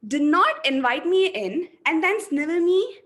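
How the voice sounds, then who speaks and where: A woman takes on a haughty, unyielding female force that calls itself life and truth. It declaims in a high voice. The tone stays scornful and superior. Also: expressive, unhurried, fairly bright tone, heavily acted. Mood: agitated, insistent.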